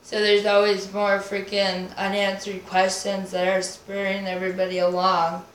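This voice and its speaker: Woman, mid-pitch, rambling casual chat, swears, invented words, faint hiss. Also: completely flat delivery, normal speed. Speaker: podcast guest. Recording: roomy echo, faint noise.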